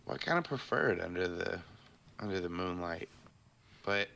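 Deep gravelly dude at the game table, bright edgy tone, kinda hesitant. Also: male voice, expressive, moderate pace. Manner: easygoing, hesitant. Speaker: player. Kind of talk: casual tabletop play.

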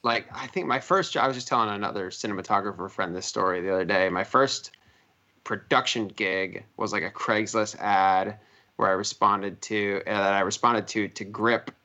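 Bright-voiced man, muffled recording. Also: lowish voice, normal speed. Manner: rambling, many fillers and restarts. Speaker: guest, filmmaker. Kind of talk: casual interview chat.

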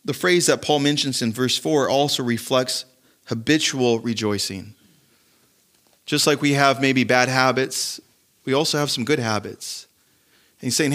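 A man's voice: medium pitch, a little slow, a bit bright. Man preaching with rhetorical questions. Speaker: pastor. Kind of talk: sermon.

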